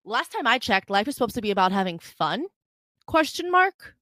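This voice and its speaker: Brash young woman host, fairly high and very bright voice, dry close sound, swearing freely. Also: very animated, moderate pace, dry recording. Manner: brash, profane and unfiltered. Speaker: podcast host. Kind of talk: casual solo podcast rambling. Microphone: desk mic on a video stream.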